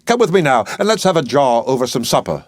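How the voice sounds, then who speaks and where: A man reading an audiobook, voicing a courteous older gentleman, a colonel, speaking politely and eagerly. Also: mid-range voice, very animated, fast, dry recording, clean studio sound, voice pushed up, close to an everyday voice.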